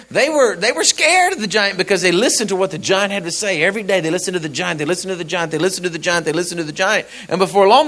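Preaching with a high voice, this man tells his sermon like a folksy story. He acts out the characters, repeats phrases, and shifts from loud to soft.

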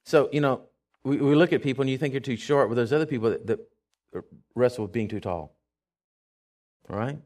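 A man delivering a sermon at a middle pitch. He moves between loose, conversational storytelling with filler words and restarts and emphatic, repeated declarations aimed at his congregation. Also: brisk, long pauses, a little mellow. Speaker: preacher.

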